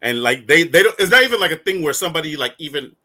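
Male host, casual review chat, animated and slangy, slightly high voice. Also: very fast. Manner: animated, slangy, laughs often, acts out quotes. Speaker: show host.

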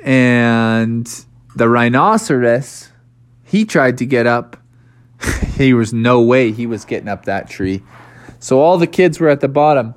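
A man's voice: medium pitch, a little slow. A man casually telling an improvised children's story. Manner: casual, animated.

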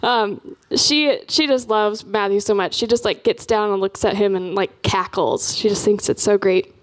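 A woman's voice: mid-range voice, fairly even intonation, normal speed. A young woman, a campus missionary, giving a casual church talk in a chatty way with many filler words.

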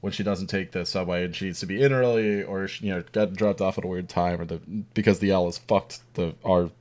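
A man's voice: deep voice, steady tone, brisk, a little mellow. A man talking as a guest in casual podcast chat, wry and sweary, trailing off mid-thought.

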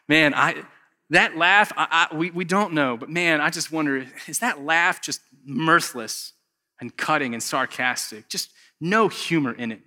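A man preaching a conversational sermon, acting out characters and swinging from loud bursts to hushed asides. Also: fairly high pitch, unhurried. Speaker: pastor. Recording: echoey long hall reverb.

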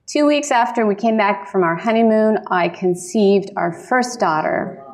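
A woman keynote speaker telling her personal faith story as lively storytelling, laughing often and giving earnest encouragement from a conference stage. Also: medium pitch, unhurried, a little hiss or hum. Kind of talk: personal testimony talk.

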